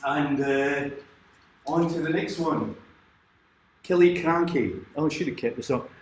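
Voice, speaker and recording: A man's voice: on the high side, unhurried, slight background noise. A man, a folk singer hosting his own livestream, chatting between songs in a rambling way and chuckling often. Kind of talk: casual chat between songs. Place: at home during lockdown. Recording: roomy echo with guitar playing.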